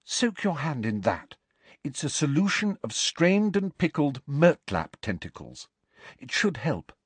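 Man doing a high, eager teen girl Hermione. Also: big pitch swings, husky, dry recording, heavily acted. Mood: earnest. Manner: eager, quick, high-pitched. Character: earnest anxious teenage schoolgirl.

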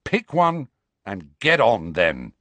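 A man's voice: fairly low pitch, huge pitch swings, slow, a bit bright, no room sound, exaggerated voice. A man voicing a frustrated, impatient teenage boy who talks curtly and urgently.

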